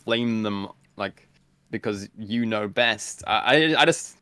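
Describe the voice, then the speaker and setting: Low-voiced laid-back man, dry sound. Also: slow, pushed and bright, clear, resonant tone, no echo. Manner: laid-back, many "like" fillers, blunt. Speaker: guest streamer. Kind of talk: casual podcast chat.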